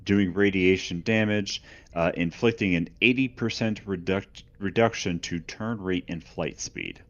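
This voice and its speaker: Deep-voiced wry male co-host, lo-fi. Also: a little slow, a bit bright. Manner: playful, wry jokes. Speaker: podcast co-host. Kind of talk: casual live-stream chat. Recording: dull lo-fi audio.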